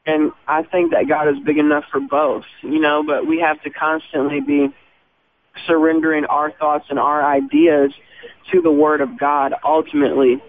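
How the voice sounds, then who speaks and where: A man from a band giving earnest, reflective answers in a faith interview, slowing down to stress key words. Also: on the high side. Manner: earnest, reflective, slows for emphasis. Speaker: band member guest. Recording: tinny phone-line sound with faint noise.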